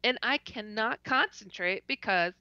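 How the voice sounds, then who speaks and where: With a fairly high, sharp-toned voice and a measured pace, a woman guest on a podcast animatedly recounts a story in a casual interview. There's no echo, though the call audio is dull and lo-fi. Frequent laughter, stuttering, and acted-out reactions run through her telling.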